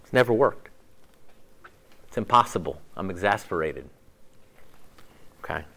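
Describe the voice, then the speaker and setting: Animated man preaching a casual sermon. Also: low-pitched, gravelly. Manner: animated, conversational preaching with quick voiced asides. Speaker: pastor.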